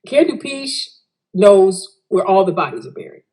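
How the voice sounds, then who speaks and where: Emphatic woman guest with a lively voice. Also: mid-range voice, moderate pace. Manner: emphatic, preachy advice. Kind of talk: casual chat.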